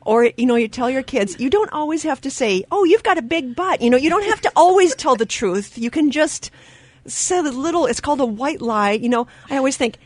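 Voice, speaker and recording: A woman hosting a radio talk show in a studio, telling stories with lively quoted voices and frequent laughter. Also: high voice, brisk, no echo. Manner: animated storyteller, acts out quoted voices; laughs often mid-sentence. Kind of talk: casual radio chat.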